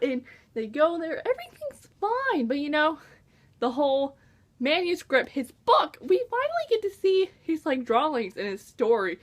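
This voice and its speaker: A woman's voice: sits high, wildly swooping pitch, moderate pace. A young woman reviewing a book in a casual vlog, gushing and exasperated, full of exclamations.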